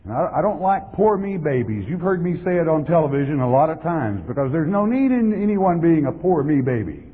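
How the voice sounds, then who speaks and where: A man's voice: a little high, expressive, a little fast, slightly rough. A man preaching a sermon as pastor, emphatic and repeating words for stress, on a tinny, lo-fi recording. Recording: tinny lo-fi sound in a reverberant hall.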